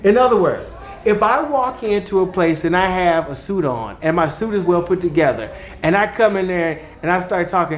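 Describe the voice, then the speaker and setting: A man co-hosting a casual podcast, talking in an animated way, laughing often and slipping into playful voices. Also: sits high, moderate pace. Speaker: podcast co-host, communications consultant. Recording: echoey room.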